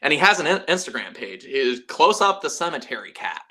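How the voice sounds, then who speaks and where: Young guy rambling on his stream, bright edgy voice, swears a lot, laughs at himself. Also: medium pitch, very animated, fairly quick. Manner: chatty, profane, self-mocking, laughs often. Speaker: livestream host. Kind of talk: casual livestream chat.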